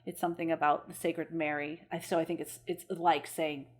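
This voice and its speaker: A woman's voice: sits low, little pitch movement, a little fast. A woman co-hosting a podcast, talking casually as a mother, laughing often and swearing for emphasis. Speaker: podcast co-host. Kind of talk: casual chat.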